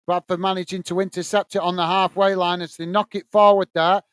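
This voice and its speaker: Man, high and smooth, dry close mic, casual fan match commentary host. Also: flat delivery, brisk, a bit bright, no echo. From England. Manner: casual, reads viewer messages between play-by-play. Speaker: watch-along host. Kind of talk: live fan commentary and chat reading.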